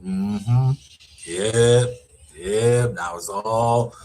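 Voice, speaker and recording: A man's voice: fairly low pitch, measured pace. A middle-aged man, an educator, giving casual, rambling commentary with lots of restarts and repeated words. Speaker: vlogger, educator.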